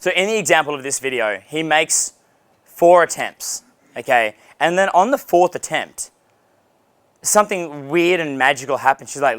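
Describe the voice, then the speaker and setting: A man's voice: on the high side, expressive, moderate pace, a bit bright, no echo. A man teaching a dating seminar, blunt and profane, acting out sample dialogues. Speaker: dating coach. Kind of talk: seminar lecture.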